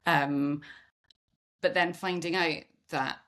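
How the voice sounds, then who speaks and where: A middle-aged woman from Scotland hosts a conversational podcast in a low voice. She talks candidly and thoughtfully, with self-deprecating humour, in a relaxed, reflective way. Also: takes it slowly. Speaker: podcast host.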